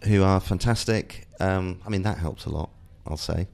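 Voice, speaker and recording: A middle-aged man with a very low, deep voice talks candidly as a guest. He thinks aloud, circling back and restarting phrases as he searches for the right words. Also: normal speed, creaky, darkish tone. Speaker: guest, father and TV writer. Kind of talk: candid conversational interview.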